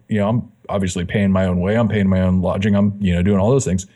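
A fitness magazine editor, appearing as a guest in a casual interview, tells his story animatedly and acts out the dialogue he quotes. He has a deep voice and talks at a quick pace with few pauses.

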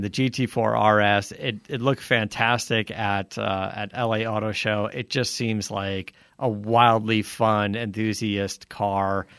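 Easygoing podcast host, dry sound. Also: male voice, on the low side, a bit bright, no room sound. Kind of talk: casual podcast chat.

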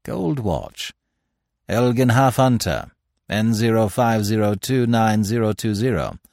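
A man voicing a brisk, stern male police sergeant who reports in a clipped, matter-of-fact way. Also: lowish voice, animated, vocal fry, darkish tone, dry recording, studio quality.

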